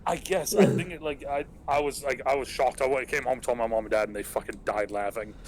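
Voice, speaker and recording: A man's voice: mid-range voice, fairly even intonation, brisk, a little hiss or hum, rough recording. A young man who grew up in England, hosting a podcast and telling rambling, profanity-laced stories in casual chat with plenty of fillers. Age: young adult. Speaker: podcast host.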